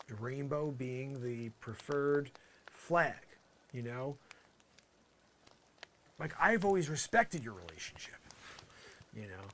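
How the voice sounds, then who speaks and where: A man's voice: fairly high pitch, a bit bright, a little hiss or hum. A man hosting a live show, delivering an improvised comedy monologue in a rambling, mock-aggrieved way, full of "you know".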